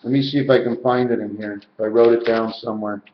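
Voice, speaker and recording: A video maker rambles alone to the camera with his number and letter theories, chanting and stretching out words in a sing-song way. His voice is mid-range, with fairly even intonation and a quick pace. The home recording is roomy, dull and lo-fi, with slight background noise.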